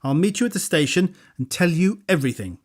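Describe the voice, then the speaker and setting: A man's voice: on the high side, animated, fast. A man doing a breezy, impulsive young gent. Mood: jaunty. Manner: bright, emphatic bursts. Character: eager, eccentric young gentleman, breezy and impulsive. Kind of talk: audiobook character voice.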